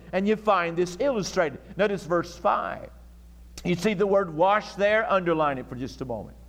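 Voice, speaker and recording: High-voiced preaching pastor in reverberant church. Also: male voice, fairly bright tone. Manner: emphatic Bible preaching with slow stressed key words. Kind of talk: sermon. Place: church sanctuary. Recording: archival church recording with long reverb.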